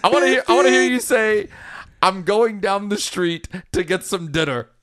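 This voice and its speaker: A man's voice: high voice, animated, fairly quick, a bit bright. A man hosting a comedy podcast, playfully reading out listener requests and teasing his co-hosts. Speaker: podcast host. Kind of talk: casual comedy podcast chat.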